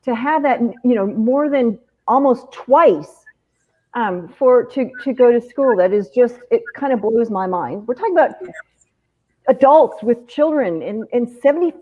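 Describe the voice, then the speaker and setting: A woman's voice: fairly high pitch, lively intonation, measured pace, phone-quality sound. A woman hosting a remote fundraiser event in a casual, upbeat, chatty way. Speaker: event host.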